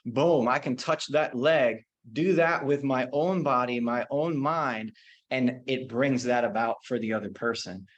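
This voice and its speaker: Man, qigong teacher, storytelling, slow guided meditation cues, mid pitch. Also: dull audio. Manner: relaxed, anecdotal, slows down for meditation cues. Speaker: qigong instructor.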